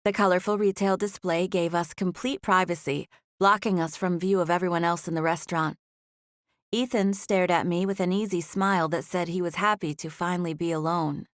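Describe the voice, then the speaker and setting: A woman narrating a romance audiobook in the first person, with expressive storytelling. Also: on the low side, fairly quick, no room sound, studio quality.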